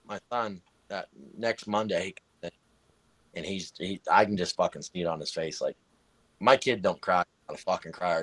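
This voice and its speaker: A man with a rather low voice tells a story at a podcast table, heated and full of swearing. The sound is dry, with no room echo. He is somewhere in his thirties or forties. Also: a bit bright. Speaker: guest telling a personal story. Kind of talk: casual podcast chat.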